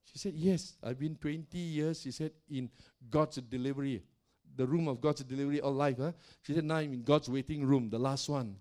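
An older man, a pastor, telling stories in a sermon in a loud, animated way, often laughing and acting out the voices of the people he quotes. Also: medium pitch, moderate pace. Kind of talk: sermon storytelling.

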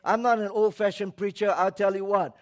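A man preaching with a high, raised voice. He is emphatic, calls on the congregation to answer him, and mocks the voices of others as he goes. His delivery swings between loud exhortation and low, quiet asides. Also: fairly even intonation, a little fast. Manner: acts out quoted voices with mocking tones. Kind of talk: sermon.

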